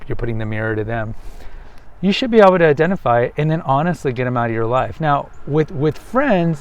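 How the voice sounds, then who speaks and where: A man's voice: medium pitch, darkish tone. A man with a Texan accent hosting a podcast, talking emphatically outdoors on a walk and often restarting his phrases. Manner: emphatic, self-correcting, acts out quoted voices. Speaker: podcast host. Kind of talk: outdoor monologue. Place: outdoors on a waterfront path.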